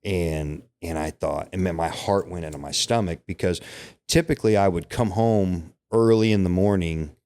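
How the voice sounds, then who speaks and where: Deep-voiced man telling a candid story. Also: moderate pace, a little mellow. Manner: candid, emotional storytelling with frequent "right?" and "you know". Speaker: podcast guest. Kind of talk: personal storytelling in casual interview.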